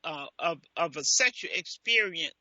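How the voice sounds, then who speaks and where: A woman's voice: low-pitched, animated, moderate pace, pushed and bright, dry recording, muffled recording. A woman hosting a radio advice show, speaking bluntly and giving frank relationship advice in a casual talk style.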